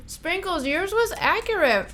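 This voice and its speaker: A woman's voice: very high voice, a bit bright, slight background noise. A woman hosting a casual livestream, chatting and giggling as she reads tarot cards for her viewers. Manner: giggly and chatty, answering chat. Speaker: livestream host.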